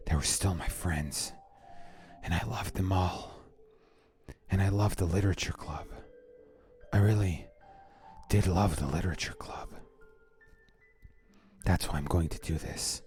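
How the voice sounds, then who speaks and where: A man's voice: deep voice, steady tone, normal speed, pauses often, warm tone, soft background music, close to an everyday voice. A man reading a heartbroken young woman's lines from a game aloud as whispered role-play, pleading and blaming herself. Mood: resolved. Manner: pleading, self-reproaching, breaks into unvoiced whisper.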